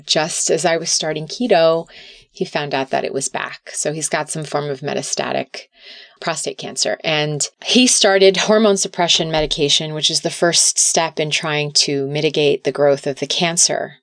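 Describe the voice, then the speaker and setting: A woman's voice: deep voice, moderate pace, no echo, clean studio sound. A middle-aged woman talking earnestly as a podcast guest, sometimes repeating words as she restarts. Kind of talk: casual interview talk.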